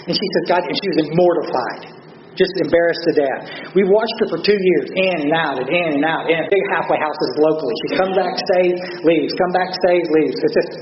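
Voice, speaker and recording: A man's voice: fairly high pitch, brisk, noisy background. An older man with a Texan accent giving a blunt, earnest personal testimony at a recovery meeting, telling stories with salty language. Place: large meeting room. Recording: roomy, dull audience recording.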